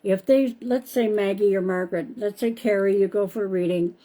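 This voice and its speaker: A woman's voice: mid-range voice, fairly quick, mellow. A woman hosting a live stream as a psychic medium, chatting casually and calling viewers by name, often repeating herself. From Canada.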